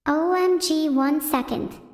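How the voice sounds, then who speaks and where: A high-pitched synthetic female voice delivers deadpan stand-up while talking to her chat, self-centered and dry. It rings in an echoey room with a long reverb tail. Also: slow pace. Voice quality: synthetic text-to-speech voice. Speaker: AI VTuber streamer. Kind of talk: stand-up comedy livestream.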